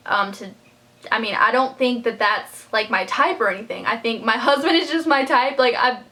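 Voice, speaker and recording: A young woman films a personal storytime vlog about her life, heartfelt, rambling and close to tears, with many fillers and restarts. Her voice is on the high side, bright and forceful, at a moderate pace.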